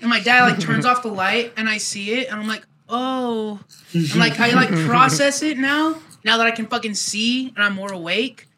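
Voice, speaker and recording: A man's voice: very high voice, a little fast. A young man casually telling a rambling, profane childhood story to friends. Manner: rambling, profane, animated retelling.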